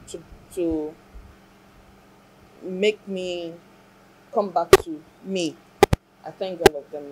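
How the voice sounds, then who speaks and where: A woman's voice: lowish voice, noisy background. A woman, speaking as an interview guest and earnestly, reflectively recounting a hard time in her life and her faith. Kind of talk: emotional personal testimony.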